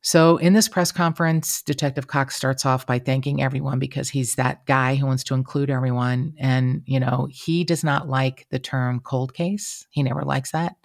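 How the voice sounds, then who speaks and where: A woman's voice: a bass voice, moderate pace, gravelly, few pauses, no room sound, studio quality. A woman, co-hosting a casual true-crime podcast, talking emotionally and acting out what people said. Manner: chatty, emotional, quotes people in lively voices. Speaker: podcast co-host. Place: podcast room.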